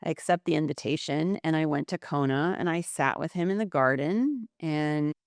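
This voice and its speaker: A middle-aged woman with a notably low voice tells a personal story in conversation. She animates it by quoting what people said to her. The sound is close and dry. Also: normal speed, no room sound. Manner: animated storyteller, quotes others in dialogue. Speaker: podcast guest, psychic and entrepreneur.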